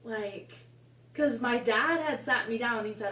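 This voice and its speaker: A woman's voice: on the high side, a little slow, fairly bright tone. A woman in her twenties telling a rambling, casual story about her past, with exasperated asides. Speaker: vlogger. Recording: echoey room, mic at a distance.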